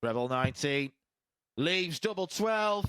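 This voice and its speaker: Man, high voice, darts commentary, dry sound. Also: expressive, a little slow, a bit bright, smooth, no room sound. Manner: urgent, eager. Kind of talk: live sports commentary.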